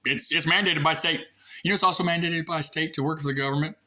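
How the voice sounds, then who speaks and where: A man's voice: fairly high pitch, fairly even intonation, quick pace, bright, forceful tone. A man with a rural American accent, rambling through a sarcastic, coarse, folksy rant. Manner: sarcastic, ranting, digressive. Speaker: vlogger airing grievances. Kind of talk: rambling monologue to camera.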